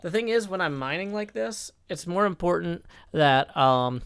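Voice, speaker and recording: Male streamer, high-pitched, chatty, self-mocking, reads chat aloud. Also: animated, normal speed, vocal fry, fairly bright tone, smooth, dry recording. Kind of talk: live game-stream chat.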